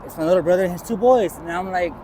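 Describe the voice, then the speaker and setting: A man's voice: sits high, rapid-fire. A man being interviewed on the street, telling a rambling personal story and acting out what others said. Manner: rambling, acts out quoted voices. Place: outdoors by a street with traffic. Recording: outdoor street noise and traffic.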